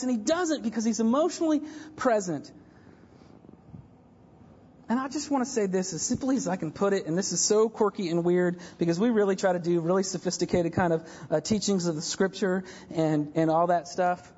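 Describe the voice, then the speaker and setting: A man preaching a sermon as pastor, animated and joking, stumbling through fillers and restarts. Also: sits high, quick pace, breathy edge, in a large hall, highs cut off. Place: church sanctuary.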